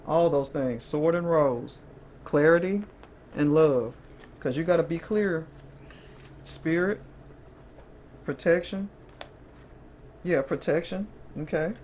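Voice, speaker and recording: A woman's voice: low-pitched, slow pace, long pauses, a little mellow, slight background noise. A woman giving a casual, chatty tarot reading to camera, often checking in with her listeners and breaking into short laughs. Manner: chatty, keeps checking in with "okay?". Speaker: tarot reader.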